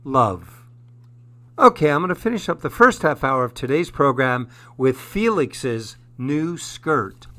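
Slow, bright-voiced man reading a story. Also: mid-range voice, big pitch swings. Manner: gentle, measured. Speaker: program host reading a story.

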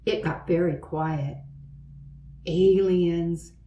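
A woman narrating a children's storybook aloud, in an expressive, lively way. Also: medium pitch, slow pace, roomy sound, dull audio, slight background noise.

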